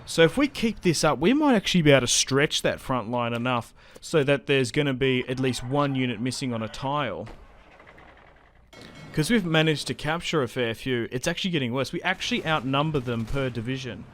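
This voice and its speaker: A young man giving casual, chatty commentary while playing a strategy game, getting excited and laughing often. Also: mid-range voice, brisk, a little hiss or hum. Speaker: gaming YouTuber.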